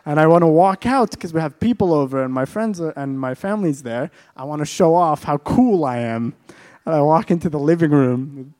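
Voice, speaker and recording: Relaxed speaker laughing through a childhood story. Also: medium pitch. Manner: laughs while telling, relaxed. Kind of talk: casual storytelling chat.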